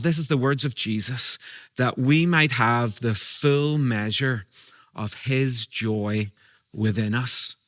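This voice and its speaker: A European-born man delivers a sermon as a guest preacher, his voice sitting in an ordinary middle register. He tells stories at a lively clip, then slows right down to press his main points. The sound is dry and close, with little room around it. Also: mid-range voice, no room sound. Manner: storytelling, shifts between brisk and slow emphatic delivery.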